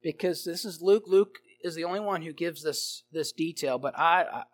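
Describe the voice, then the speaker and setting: A man's voice: fairly high pitch, moderate pace. A man preaching an expository sermon, emphatic, swelling and dropping in volume and repeating his phrases.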